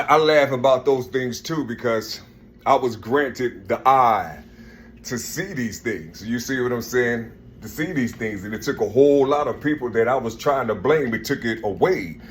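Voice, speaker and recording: A man's voice: mid-range voice, unhurried, a little hiss or hum. A man talking in a rambling, casual monologue, laughing often and repeating "listen" and "you see" as he addresses an unseen listener.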